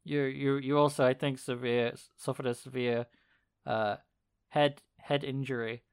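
A man's voice: mid-range voice, flat delivery, a little slow, smooth. A man casually recapping a video on a podcast, rambling with fillers and laughing often. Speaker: podcast co-host. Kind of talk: casual chat.

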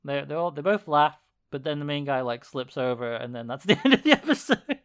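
A man's voice: a little high, expressive, brisk, fairly bright tone. A man casually recapping a video on a podcast, rambling with fillers and laughing often. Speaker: podcast co-host. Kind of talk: casual chat.

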